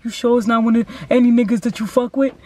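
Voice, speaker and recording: A woman's voice: fairly high pitch, fairly even intonation, fast, noisy background, natural voice. A woman voicing her dismissive young male friend in an offhand, teasing way while telling a story.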